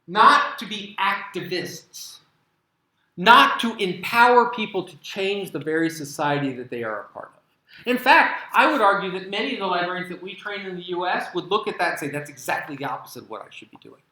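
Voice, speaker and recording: Animated American man giving a keynote. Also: sits high, heavy reverb, poor audio. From United States. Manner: animated, sarcastic asides, emphatic. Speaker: keynote speaker. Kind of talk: conference keynote talk. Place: conference hall.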